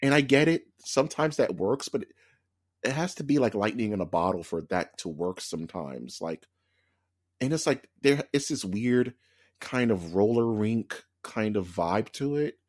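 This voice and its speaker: This is a man co-hosting a podcast who talks in an animated, opinionated way, his pitch swinging widely as he rants. His voice has a husky, slightly raspy grain. The sound is dry and close, with no room around it. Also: moderate pace, no room sound. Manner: animated, opinionated ranting with many fillers. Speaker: podcast co-host. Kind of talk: casual chat.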